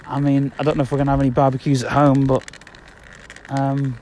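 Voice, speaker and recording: A man's voice: medium pitch, monotone, brisk, a little mellow, a little hiss or hum. A man, rambling casually and repeating himself as he talks on a walk outdoors. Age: 30s. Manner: chatty, meandering, repeats himself. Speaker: podcast host. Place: outdoors walking around the block.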